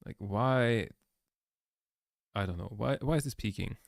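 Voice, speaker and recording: A man's voice: on the low side, unhurried, vocal fry, dry recording, clean studio sound. A man chatting casually while editing a video, rambling, swearing a lot and laughing often, recorded indoors at home. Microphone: laptop microphone.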